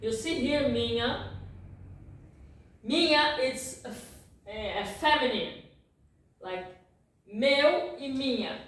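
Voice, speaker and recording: A native Portuguese-speaking woman teaches a language lesson slowly, with a fairly high voice. She keeps checking in with "ok?" and corrects herself as she goes. The recording is very echoey, with her voice picked up from a distance. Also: fairly bright tone. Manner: repeats words and checks in with "ok?" constantly; self-correcting, apologetic asides. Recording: very echoey room, distant mic.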